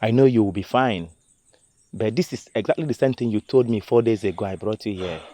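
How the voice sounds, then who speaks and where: A man's voice: lowish voice, fairly quick, dark tone, lightly acted. A man playing a loyal Nigerian seer. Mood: concerned. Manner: deferential, earnest. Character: loyal male seer serving a troubled king. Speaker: spiritual adviser to the king.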